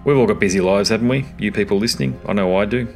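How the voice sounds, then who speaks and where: A man's voice: fairly low pitch, quick pace, creaky. A man closing his podcast, chatty and speaking straight to his listeners. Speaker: podcast host. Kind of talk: podcast outro. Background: faint music.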